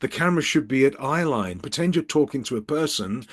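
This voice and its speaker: A man's voice: mid-range voice, animated, a little fast. A middle-aged man from Birmingham, England, giving casual tips straight to camera from his office as a business coach, with dry, self-mocking jokes. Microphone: camera at eye level with ring light.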